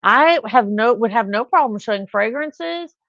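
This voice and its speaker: Woman hosting a live chat, gravelly fry, chatty rambling stories, dull lo-fi sound. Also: a little high, expressive, normal speed, fairly bright tone, dry recording. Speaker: live stream host.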